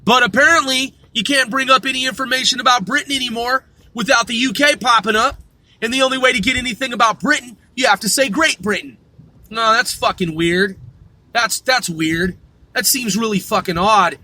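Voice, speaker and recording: A man's voice: very high-pitched, a little fast, pushed and bright. A man hosting a vlog, ranting profanely and arguing with a voice assistant in exasperation. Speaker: vlog host. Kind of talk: ranting commentary.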